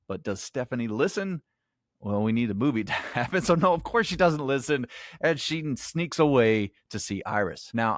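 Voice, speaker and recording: A man's voice: medium pitch, no echo, clean studio sound. A man hosting a podcast, giving a chatty, casual movie review and laughing often. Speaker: podcast host. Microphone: headphones, home podcast mic.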